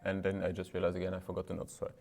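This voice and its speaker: A man's voice: low-pitched, completely flat delivery, racing, creaky. A man with French as his first language giving a casual piano lesson, explaining practice methods in plain English and asking "right?" as he plays. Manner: explains in plain, slightly non-native English with many "right?" asides. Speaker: piano teacher. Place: room with a piano. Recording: speech over loud piano playing. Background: loud piano playing.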